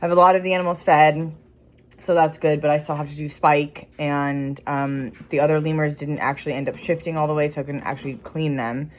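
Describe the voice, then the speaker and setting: A pregnant young woman who runs a wildlife rescue talks casually and emotionally in a vlog, using lots of fillers. Her voice is low-pitched and flat, and she speaks fairly quickly.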